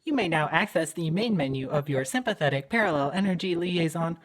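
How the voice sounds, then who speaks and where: A man voicing a cheerful automated facility announcer in a brisk, chirpy tone for a tabletop game. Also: on the high side, animated, a bit bright, voice pushed up. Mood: chipper.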